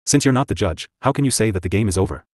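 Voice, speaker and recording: A cool, self-assured young noblewoman from a fantasy storybook, as a male narrator voices her in a low, dry voice. She speaks quickly and evenly, gently mocking. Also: expressive, no echo.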